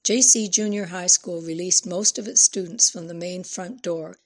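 Woman narrating an audiobook, lower voice. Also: moderate pace. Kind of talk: scripted narration.

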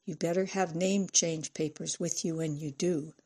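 A woman's voice: deep voice, fairly even intonation, normal speed, darkish tone, breathy edge. A woman narrator voicing an indignant, theatrical woman who makes biting accusations.

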